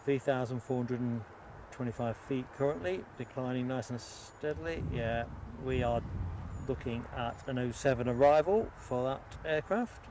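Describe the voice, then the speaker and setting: A man from England hosts a casual outdoor livestream beside an airport, speaking at normal speed in a mid-range voice. He chats and jokes with viewers, reading out names from the chat, and background noise is clearly audible.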